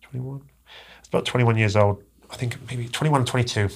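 A man telling a personal story as a podcast guest, halting and earnest, often repeating his words. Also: mid-range voice, fairly even intonation, creaky. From England.

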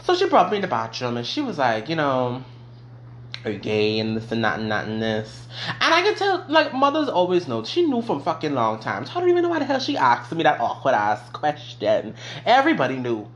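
A young man casually telling a personal story on his vlog, profane and animated. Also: a little high, fairly quick, lo-fi sound. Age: young adult. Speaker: vlogger.

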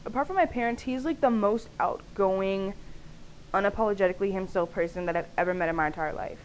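Talking fast in a mid-range voice, a young woman hosts her podcast alone, chatting candidly with frequent "like" fillers and laughs. The recording is rough, with a bit of hiss or hum.

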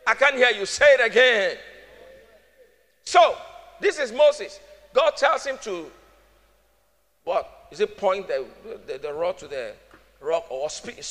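A man's voice: high-pitched, a bit bright. A man preaching a sermon as pastor, calling the congregation to answer and acting out the people in his stories. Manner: preaching with call-and-response, acting out voices. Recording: music with long hall reverb.

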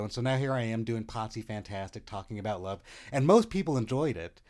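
A man of middle pitch tells a winding story on his podcast, circling back and restarting his sentences as he goes. His tone is casual and self-deprecating. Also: fast, a little mellow. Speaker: podcast host.

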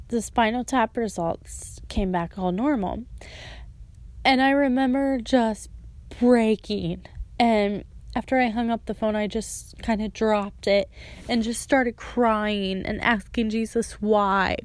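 Slightly high-pitched and slow, her voice comes through a dry recording. The young woman shares a heartfelt testimony of faith in relaxed storytelling, peppered with "like" and "and so."

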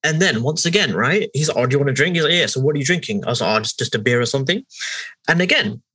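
A young man with a London accent, telling animated, swearing travel stories as a podcast co-host. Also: medium pitch, very fast, husky, no room sound, rough recording. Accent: London English. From England. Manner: animated, swearing, acts out voices in quotes. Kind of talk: casual storytelling chat.

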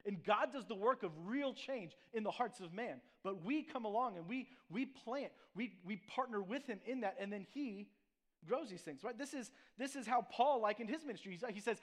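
Pastor guy preaching, fairly high voice, chatty style, lots of "right?". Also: animated, moderate pace. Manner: conversational preaching with frequent "right?" and restarts. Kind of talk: sermon.

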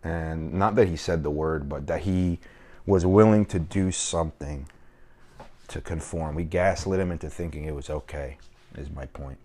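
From his home kitchen, a comedian hosts a casual solo podcast in a very deep, somewhat mellow voice at a moderate pace. He rambles, swears and jokes at his own expense.

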